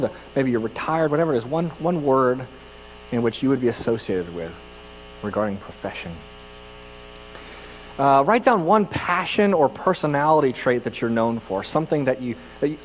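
A man's voice: medium pitch, in a large hall, slight background noise, low-quality recording. A man from California preaching a sermon as pastor, telling personal stories in a conversational, self-deprecating way with frequent restarts. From California, United States.

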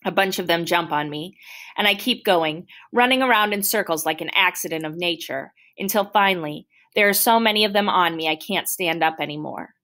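A woman reading a novel aloud in first person with a steady, plain storytelling manner. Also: fairly low pitch, brisk. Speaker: audiobook reader.

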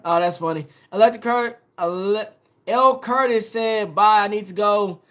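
A man's voice: sits high, normal speed, a bit bright. A young man, a food vlogger, chatting casually on a live stream, reading viewer comments aloud and answering each one.

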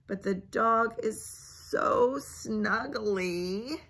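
Slow, breathy woman reading a bedtime story. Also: medium pitch. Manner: gentle, coaxing, asks children questions; drops to a hushed near-whisper. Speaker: children's librarian. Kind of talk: bedtime picture-book read-aloud.

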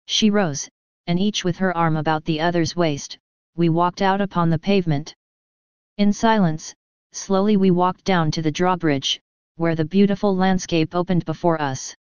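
A woman narrating an audiobook in a measured, even storytelling manner, recorded close to the mic. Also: lowish voice, clean tone, no echo, muffled recording.

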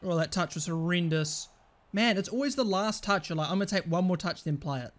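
A man commentating his football video game, swearing and shouting at the play. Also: a little fast. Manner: swears and shouts at the game, pitch jumps high in frustration. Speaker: gaming channel host. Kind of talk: live gameplay commentary.

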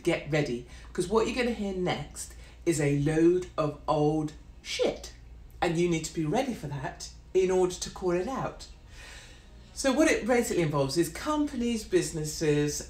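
A woman's voice: lowish voice, a little mellow. A woman, hosting a blunt, profane and mocking ranting monologue. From Britain. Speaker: host. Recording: echoey room.

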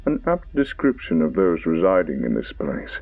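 A man's voice: deep voice, wildly swooping pitch, moderate pace, narrow, tinny audio, full character voice. A man voicing a grim vampire cop, heard through a monitor speaker. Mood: menacing. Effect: heard over a monitor speaker.

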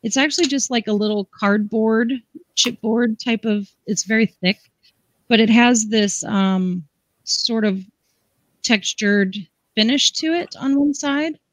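A woman's voice: a little high, measured pace, dry recording. Chatty woman hosting a craft stream. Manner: chatty, enthusiastic, explains step by step. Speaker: craft show host. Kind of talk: live craft demonstration.

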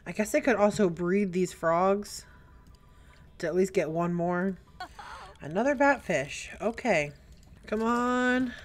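A young woman giving let's play commentary, chatty and prone to excited squeals and gasps. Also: mid-range voice, takes it slowly, long pauses. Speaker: gaming YouTuber. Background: faint game music.

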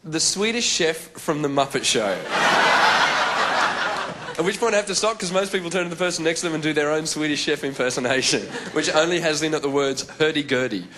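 Australian male stand-up, fairly high voice, chatty and self-mocking. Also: fairly quick, background noise. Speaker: stand-up comedian. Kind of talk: stand-up comedy.

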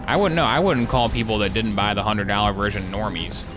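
Male streamer, lowish voice, dry sarcastic let's play banter, loud game music under him. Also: a little fast. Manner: sarcastic, joking, excitable yelps. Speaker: gameplay streamer. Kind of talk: casual let's play commentary.

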